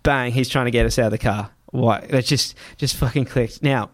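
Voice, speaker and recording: A man's voice: medium pitch, fairly even intonation, normal speed, dry recording. Swearing man telling a tense story. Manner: heavy swearing, vivid re-telling with restarts. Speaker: guest. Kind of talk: casual spoken storytelling. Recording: dry close sound.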